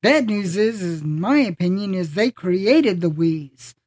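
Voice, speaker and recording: A podcast host in casual conversation, voice sitting at a middle pitch. The delivery is halting and full of fillers and self-corrections, recorded dry with no room sound. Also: animated, darkish tone, no room sound. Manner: halting, many fillers and restarts.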